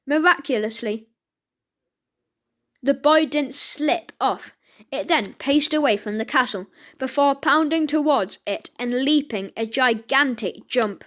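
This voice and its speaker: A woman reads a children's story aloud at a slow, careful pace. Her voice sits high, and she often stumbles and restarts a phrase before going on. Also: fairly bright tone. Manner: halting reading with frequent slips and restarts.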